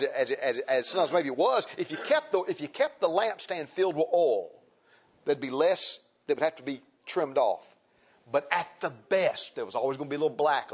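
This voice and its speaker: A man preaching a sermon as pastor, with a folksy, animated delivery that swings from loud bursts to hushed asides. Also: a little high, husky, muffled recording.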